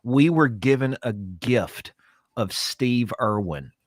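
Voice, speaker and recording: A man's voice: medium pitch, expressive, slow pace, no echo, studio quality. A man co-hosting a podcast in casual chat, earnest and gushing, swearing for emphasis. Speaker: podcast co-host.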